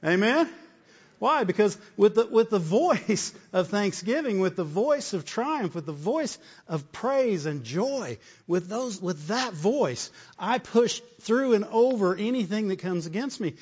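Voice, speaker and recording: High-pitched guy preaching a sermon, keeps saying amen?, dull sound with a long hall echo. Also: sing-song, a little slow, a little mellow, breathy edge. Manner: exhorting, repeating phrases, frequent "Amen?".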